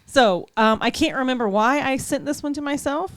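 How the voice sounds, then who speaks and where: A woman's voice: high voice, normal speed, no room sound. A woman co-hosting a casual podcast chat, laughing a lot and teasing her co-hosts. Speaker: podcast co-host.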